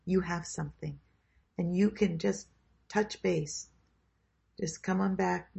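A woman leading a group workshop who guides a grounding meditation in a slow, soothing way and then invites comments. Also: fairly low pitch, fairly even intonation, gravelly, mellow, slightly rough. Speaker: workshop leader. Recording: dull lo-fi sound.

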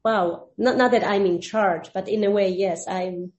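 A workshop participant sharing a personal experience with the group, hesitant and searching for words. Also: female voice, medium pitch, steady tone, unhurried, a little mellow, highs cut off.

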